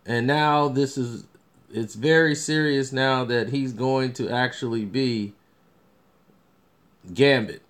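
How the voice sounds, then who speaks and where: Man, movie review vlogger, casual rambling commentary, mid-pitched voice, loose delivery with restarts. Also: steady tone, slow pace, long pauses. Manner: rambling, loose talk with many restarts and fillers.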